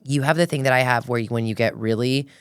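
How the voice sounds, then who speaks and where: A woman's voice: rumbling low, quick pace, clean tone, no echo, clean studio sound. A middle-aged woman hosting a podcast in casual chat. She talks loosely with lots of "like" and acts out her own quoted thoughts. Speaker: podcast host.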